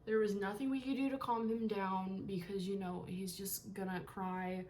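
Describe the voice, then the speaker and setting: A woman's voice: mid-range voice, steady tone, moderate pace, a little mellow, slight background noise. A young woman vlogging from her bedroom, telling a personal story in a candid, rambling way, with casual swearing and moments of emotion. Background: faint TV sound playing.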